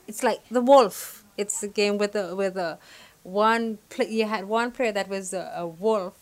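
A woman's voice: mid-range voice, unhurried. Jamaican woman recalling childhood games. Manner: hesitant, many fillers, animated when acting out the game. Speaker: interviewee. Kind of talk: oral history interview.

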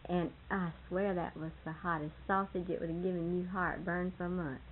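An older woman with a husky voice, reminiscing casually about family and laughing often as she tells stories. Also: lowish voice, steady tone, moderate pace, phone-quality sound, a little hiss or hum. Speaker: storyteller in family history interview.

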